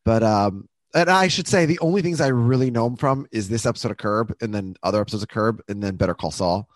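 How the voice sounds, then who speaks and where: A man's voice: fairly low pitch, quick pace, no room sound. A man co-hosting a podcast, chatting casually and animatedly about a TV episode, laughing often. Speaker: podcast co-host. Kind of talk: casual chat recapping a TV episode.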